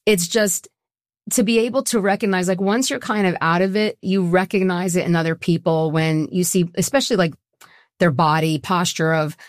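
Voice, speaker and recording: Earnest middle-aged woman, low and dry. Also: steady tone, moderate pace, dry recording. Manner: earnest, emotional, rambling with restarts. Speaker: guest, co-founder of a women's support group. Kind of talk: conversational interview.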